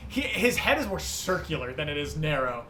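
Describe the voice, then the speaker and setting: Animated young game master, lively and rambling. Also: male voice, fairly high pitch, moderate pace. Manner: animated, rambling description with fillers. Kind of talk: narrating a tabletop game. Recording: music under the voice.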